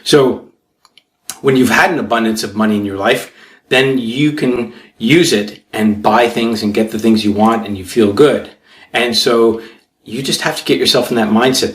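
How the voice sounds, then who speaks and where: A man's voice: mid-range voice, echoey room. A man giving an earnest, emphatic motivational talk as a self-help coach, often repeating himself.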